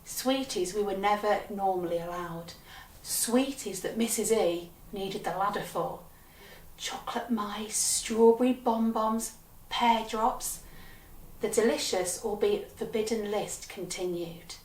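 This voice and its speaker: A woman storyteller telling comic tales from her childhood with a wry, deadpan delivery. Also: medium pitch, unhurried. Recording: roomy sound from a distant mic.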